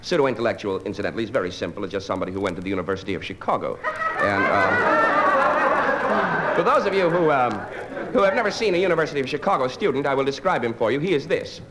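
On stage before a live audience, a man performs stand-up with a dry, wry delivery interrupted by hesitant fillers. His mid-range voice is sing-song and he talks fast. The live stage recording is noisy.

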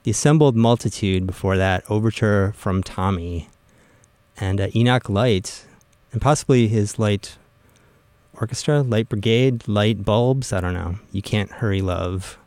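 A male radio host chats casually between songs in a somewhat low voice. His jokes are wry and offhand. The sound is close and dry, with no room around it. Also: unhurried, darkish tone, no room sound. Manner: wry, joking back-announcing. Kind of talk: casual on-air chat.

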